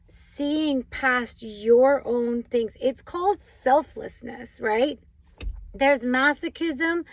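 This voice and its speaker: Animated woman giving marriage advice. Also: on the high side. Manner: animated, emphatic, many restarts. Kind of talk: casual advice monologue.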